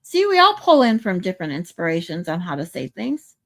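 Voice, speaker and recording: Woman, livestream host, casual chat, playful, reads comments aloud, lively pitch. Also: fairly quick. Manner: playful, tries out pronunciations.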